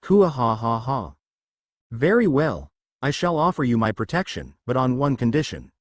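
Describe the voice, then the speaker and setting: A man's voice: huge pitch swings, normal speed, no room sound. A man doing a boastful slime dragon. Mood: grandiose. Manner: booming theatrical laugh, grandiose. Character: boastful male storm dragon in slime form. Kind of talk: fan fiction reading.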